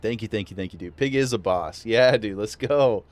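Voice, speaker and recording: A man's voice: on the low side, normal speed. A man streaming a game, chatting casually and enthusiastically thanking viewers. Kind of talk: casual gameplay livestream chat.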